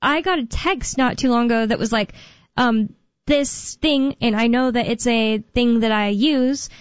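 A young woman hosting a talk radio show, chatting casually and rambling with fillers and quick asides. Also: on the high side, clean tone, no echo. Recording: dull lo-fi radio sound.

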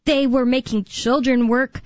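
A woman's voice: sits high, steady tone, measured pace, no room sound. An American woman co-hosting a podcast, talking casually and rambling with lots of fillers and restarts. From United States. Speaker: podcast co-host. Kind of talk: casual chat. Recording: dull, dry lo-fi sound.

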